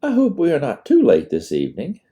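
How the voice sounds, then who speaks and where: A man's voice: fairly high pitch, wildly swooping pitch, brisk, mellow, pitched above the performer's own voice. A man voicing a courteous young lieutenant. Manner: formal and courteous.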